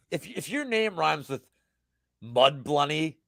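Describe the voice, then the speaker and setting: A man in his thirties on a casual livestream, talking about betting in animated, profane, boastful rants. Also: a little high, slow, creaky, dry recording. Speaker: sports betting guest.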